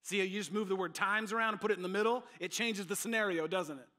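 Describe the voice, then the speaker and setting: Bright, emphatic male pastor preaching. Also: high-pitched, fast. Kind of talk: sermon.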